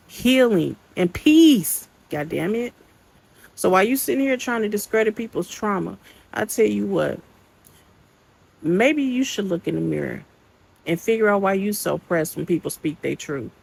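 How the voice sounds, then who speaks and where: A woman's voice: medium pitch, normal speed, creaky, breathy edge, poor audio. A woman hosting a commentary channel, reacting in a casual, slangy, indignant scolding way.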